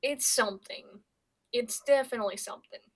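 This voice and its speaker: A woman's voice: on the high side, fairly quick. A young woman from Pennsylvania chatting casually on her stream, rambling and swearing, with lots of stammered restarts. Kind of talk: casual chat.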